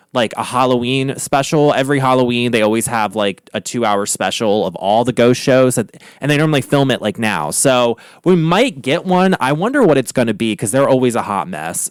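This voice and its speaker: Casting: chatty, gossipy man, cursing freely, smooth resonant voice, dry close sound. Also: medium pitch, dry recording. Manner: chatty and profane, gossipy, animated asides. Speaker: vlogger, artist. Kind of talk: casual chat. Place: home art studio.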